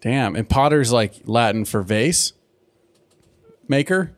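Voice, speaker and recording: Joking male co-host, animated casual banter, expressive voice. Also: medium pitch, slow. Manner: joking, profane, lively banter. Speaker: podcast co-host. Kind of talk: casual chat.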